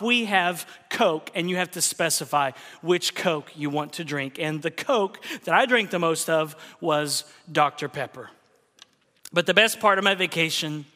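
Oklahoma-raised pastor cracking jokes in his sermon, pretty high voice, echoey church hall. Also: sharp tone. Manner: folksy, joking storyteller. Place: church sanctuary.

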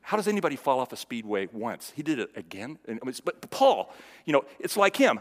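A man preaching a sermon in a conversational way, asking the audience questions and dropping from loud emphasis to near-whispered lows. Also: very animated, fast, long reverb tail. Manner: conversational, with fillers and restarts, asks the audience questions.

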